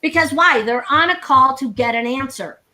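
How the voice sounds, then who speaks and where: A woman sales coach speaking live over a video call, brisk and emphatic, with frequent laughter and humor. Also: sits high, sharp tone. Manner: brisk, emphatic, laughs often, acts out dialogue. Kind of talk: energetic live talk with humor.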